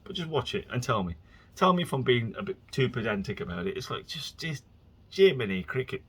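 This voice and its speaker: A man's voice: mid-range voice, big pitch swings, a little fast, slightly rough. A man hosting his own podcast, rambling casually from topic to topic and slipping into exasperated rants. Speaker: podcast host.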